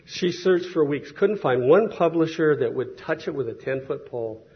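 A man's voice: on the high side, animated, normal speed, few pauses, husky, dull audio. A man preaching a sermon in a conversational, storytelling way, acting out the people he quotes.

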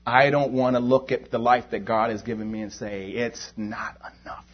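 A man preaching a sermon with emphatic, repetitive phrasing, swinging between loud and quiet. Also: medium pitch, steady tone, fairly quick, highs cut off. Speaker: lay preacher.

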